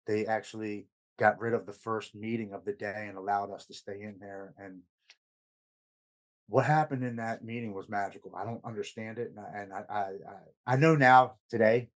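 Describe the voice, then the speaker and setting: A man on a podcast, casually telling a personal story with lots of quoted back-and-forth, earnest and dropping softer at heavy moments. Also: on the low side, steady tone, moderate pace. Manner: retells events with much quoted dialogue. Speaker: podcast guest.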